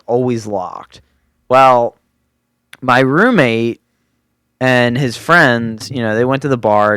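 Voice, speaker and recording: A man's voice: medium pitch, fairly bright tone, clear, resonant tone, dry recording. A man in his twenties telling a rambling story on a podcast, full of fillers and laughing asides. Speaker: podcast host. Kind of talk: casual storytelling.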